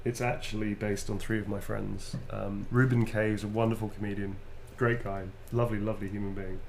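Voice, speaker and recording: A man's voice: lowish voice, little pitch movement, brisk, vocal fry, a little hiss or hum. A tired British man from Birmingham chatting casually on a livestream while signing autographs, laughing often and calling people "darling" and "mate". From Birmingham, England.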